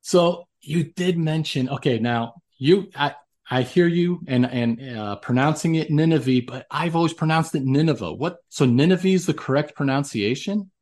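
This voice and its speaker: A man's voice: a little high, moderate pace, darkish tone. A man hosting an interview, talking casually and rambling with frequent restarts. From raised in a Greek household. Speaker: podcast host.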